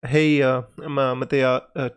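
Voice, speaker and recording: A man hosting a casual live stream Q&A, greeting viewers by name and talking in a hesitant, pausing way. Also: mid-range voice, flat delivery, smooth.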